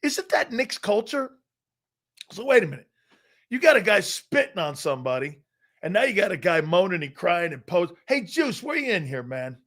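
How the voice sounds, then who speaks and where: Animated Philly sports talk host. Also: male voice, sits high, moderate pace. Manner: animated, laughing, bantering, profane. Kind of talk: live sports talk show commentary.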